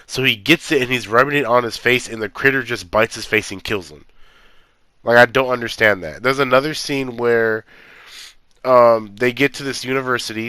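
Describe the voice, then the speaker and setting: A man's voice: medium pitch, bright, forceful tone, no room sound. Exasperated man ranting about a movie. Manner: exasperated, incredulous, many fillers like "like". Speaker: movie reviewer. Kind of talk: casual movie rant.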